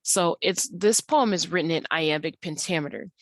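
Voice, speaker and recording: Low-voiced woman teaching a patient lesson. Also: normal speed, no room sound. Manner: patient, explanatory, with frequent ums and uhs. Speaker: English teacher. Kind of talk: online tutorial walkthrough of slides.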